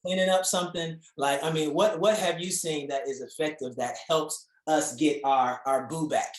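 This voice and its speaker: A man's voice: on the high side, fairly even intonation, normal speed, roomy sound, rough recording. A man hosting an interview, eager and friendly, often stammering and repeating words as he asks his questions. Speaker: host.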